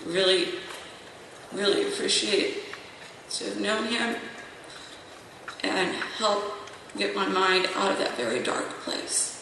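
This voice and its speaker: A panel speaker giving a halting personal testimony, repeating words and pausing with many fillers. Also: medium pitch, expressive, gravelly. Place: large convention hall. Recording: echoey hall from far off, noisy room.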